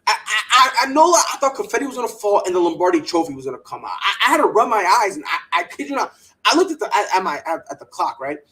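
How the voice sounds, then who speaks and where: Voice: medium pitch, very animated, fast, bright, forceful tone, rough recording. A sports podcast host giving opinionated takes in a fired-up, emphatic way, often repeating words and mocking others in put-on quoted voices.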